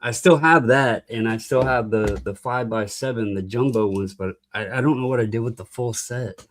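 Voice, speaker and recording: A man guest on a casual podcast, telling a halting, rambling story with many restarts. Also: mid-range voice, a little hiss or hum.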